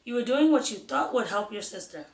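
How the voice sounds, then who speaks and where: A woman reading as a quiet, calm mother. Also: fairly high pitch. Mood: earnest. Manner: soft, quiet and measured. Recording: roomy echo.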